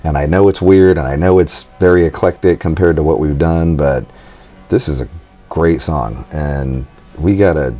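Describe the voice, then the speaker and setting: A very deep-voiced American man talks loosely about his songwriting, rambling and now and then cursing in passing. Faint music runs underneath him throughout. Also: normal speed, mellow. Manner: loose, rambling, swears casually. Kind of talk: casual interview talk.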